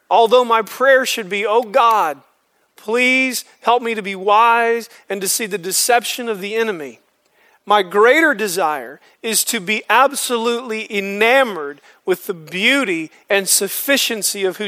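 A man's voice: high voice, sharp tone. A man leading a men's Bible study, explaining scripture earnestly and using homespun examples.

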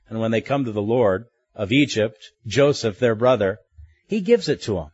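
Husky-voiced man preaching a sermon. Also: medium pitch, normal speed, no echo, highs cut off. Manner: animated, conversational preaching with rhetorical questions.

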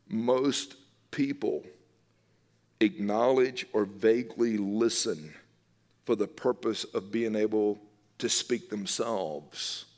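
A low-voiced man preaches a sermon, earnest and emphatic, and he leans on repeated phrases to drive each point home. His voice rings out with a long reverb, as if it fills a church hall. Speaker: pastor.

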